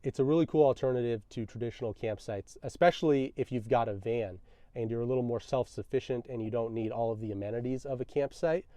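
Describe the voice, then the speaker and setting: Relaxed, wry young man telling a story. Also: mid-range voice, fast talker, no room sound. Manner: relaxed, self-deprecating, wry. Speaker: vlogger. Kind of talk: casual storytelling.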